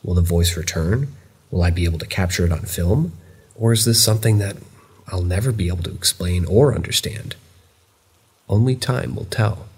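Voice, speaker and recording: A man reading first-person horror stories in a measured, steady storytelling delivery. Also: low-pitched, a little hiss or hum. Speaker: narrator of viewer-submitted stories.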